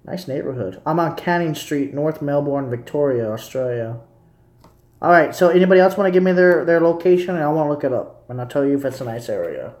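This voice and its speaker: A man's voice: a little high, expressive, fairly quick, a little mellow, reverberant. A young man casually rambling to his viewers as a streamer. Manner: rambling, repetitive, talking to viewers. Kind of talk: casual live commentary.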